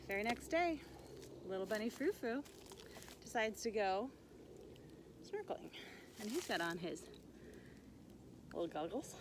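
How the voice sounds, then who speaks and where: A woman telling a camp story with a lively, swooping voice that dips into whispers and leaps up high. Her pitch sits a little high, and a clear hiss of noise runs under the recording. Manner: playful, swings between hushed whispers and squeaky high bursts. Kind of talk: animated campfire storytelling.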